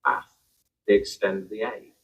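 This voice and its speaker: A man's voice: medium pitch, sing-song, fast, a bit bright. An Englishman with an English accent, telling wry stories in a played video clip. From England. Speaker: video creator. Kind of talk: comedic commentary. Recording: dull distant audio from a played clip.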